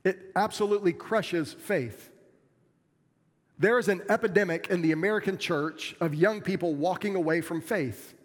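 A man's voice: high voice, moderate pace, big-room sound. A middle-aged man preaching a sermon as a pastor, earnest and plainspoken, with self-deprecating humor.

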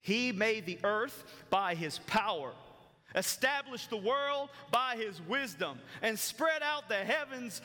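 A man preaching a sermon as pastor, emphatic, with dramatic pauses between phrases. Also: high-pitched, expressive, bright, forceful tone, long reverb tail.

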